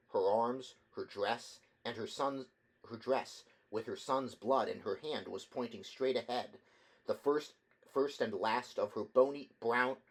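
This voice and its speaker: A man reading a novel aloud as an audiobook, measured narration with occasional slips and restarts. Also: medium pitch, rough recording. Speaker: audiobook reader.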